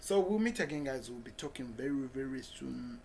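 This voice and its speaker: Man chatting football news, quiet hiss. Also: mid-range voice, lively intonation, a little fast, gravelly. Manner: reads headlines aloud with restarts and muttered asides. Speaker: football channel host. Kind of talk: casual chat reading transfer news.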